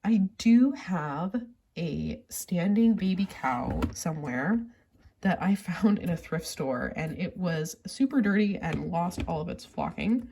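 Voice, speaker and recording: A woman talking casually and rambling about her toy collection with many fillers, sounding a little sick and pausing to cough. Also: lowish voice, expressive, warm tone, a little hiss or hum. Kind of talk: casual chat.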